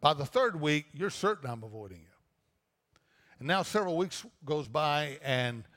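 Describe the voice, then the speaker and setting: A man's voice: a little high, animated, moderate pace, a bit bright. A man preaching a sermon as pastor, talking in a loose, conversational way with frequent restarts. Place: church auditorium. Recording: long reverb of a church auditorium.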